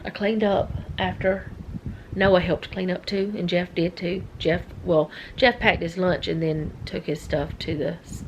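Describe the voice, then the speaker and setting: A woman's voice: on the low side, slight background noise, low-quality recording. A middle-aged woman chatting casually as a vlogger, rambling and easily sidetracked. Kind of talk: casual chat.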